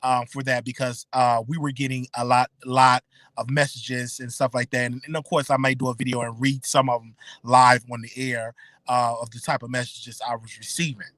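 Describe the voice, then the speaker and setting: A man hosting his own show chats casually with listeners in a commentary stream, addressing them directly, repeating himself and stammering through restarts. His medium-pitched voice is level and a bit bright, at a moderate pace with no echo.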